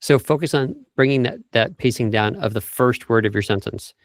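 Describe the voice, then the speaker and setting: A man guest on a video call, talking like a vocal coach who walks through his tips one by one. His voice sits at an ordinary middle pitch. The sound is dry, with no room around it. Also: normal speed, no room sound. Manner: explanatory, lists tips, demonstrates speech habits. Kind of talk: interview over video call.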